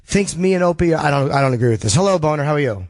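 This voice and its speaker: A man's voice: fairly high pitch, animated, very fast, dry recording. Chatty male radio host, dry sound. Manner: chatty, reads ad copy then talks loosely with callers. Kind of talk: casual call-in talk show. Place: studio.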